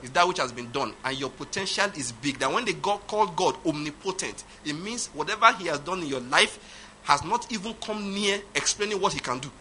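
A man preaching a sermon, emphatic, swinging from loud declarations to quiet asides. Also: on the high side, animated, brisk, a little hiss or hum. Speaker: pastor.

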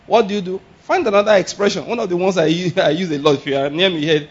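Animated preacher with a husky voice. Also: male voice, sits high, fast talker, few pauses. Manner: animated, laughing, shouting exclamations, rhetorical questions. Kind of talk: sermon. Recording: dull lo-fi sound.

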